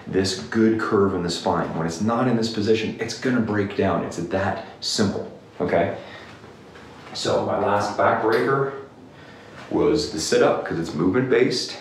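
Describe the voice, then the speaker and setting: A male clinician rants emphatically to the camera about exercise advice, repeatedly asking "okay?" His fairly low voice is a little slow, and he sounds distant and somewhat off-mic in a very echoey room with faint noise.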